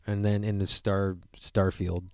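A man co-hosting a casual movie review chat, animated and swearing freely while he acts out characters' lines. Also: on the low side, unhurried, clear, resonant tone, no echo, studio quality. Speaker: podcast co-host.

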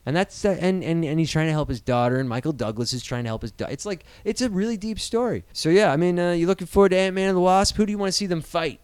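Young male podcast host, loose and profane, smooth clear voice, dry close sound. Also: fairly high pitch, fast talker, hardly any pauses, no echo. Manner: profane, rambling, animated storytelling. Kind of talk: casual chat.

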